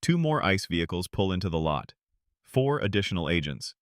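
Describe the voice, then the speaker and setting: Grave, low-voiced male narrator. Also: big pitch swings, fairly quick, no echo, studio quality. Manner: grave, emphatic. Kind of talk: scripted dramatic narration.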